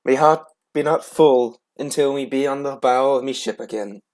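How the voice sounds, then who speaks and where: A man's voice: mid-range voice, normal speed, a little mellow, lightly acted. A man voicing a boisterous male pirate sailor in a tabletop game, talking in pirate dialect with an accent that wanders. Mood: longing.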